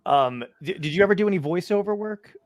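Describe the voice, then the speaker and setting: A man's voice: high-pitched, animated, fast talker, no echo. A man hosting an interview, asking casual questions with many fillers and restarts. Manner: friendly, hesitant questions with fillers. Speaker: podcast host.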